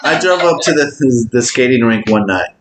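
A man's voice: mid-range voice, normal speed, a loud crowd. A man co-hosting a podcast, reading out stories in casual chat and laughing a lot as he tells them. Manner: animated, laughing storyteller. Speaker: podcast co-host. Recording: echoey room, faint hiss.

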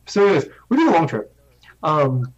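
A man's voice: a little high, big pitch swings, fairly quick. A young man tells a long story in loose, casual chat, cursing freely and poking fun at himself. His sentences trip and restart as he goes. The recording sounds slightly dull and lo-fi. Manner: rambling, profane, self-mocking, restarts often.

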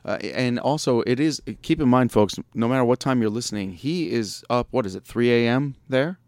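A man's voice: medium pitch, normal speed, darkish tone, no echo. A man hosting a casual radio chat, joking and laughing often. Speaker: podcast host.

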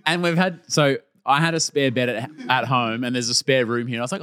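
A man's voice: medium pitch, quick pace, fairly bright tone, smooth, no room sound, studio quality. A man, co-hosting a casual chat with joking, teasing banter. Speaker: podcast co-host.

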